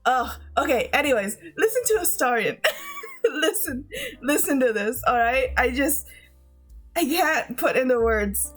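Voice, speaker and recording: A woman's voice: high voice, animated, a little slow, a bit bright, soft background music. A woman streamer chatting casually with her viewers, gushing, giggling often and swearing freely, with frequent restarts.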